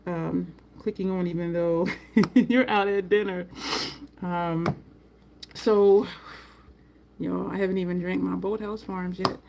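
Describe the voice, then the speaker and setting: A woman hosting a casual makeup livestream, chatting with viewers by name and jumping up in pitch when she gets excited. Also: takes it slowly, gravelly, long pauses, slight background noise.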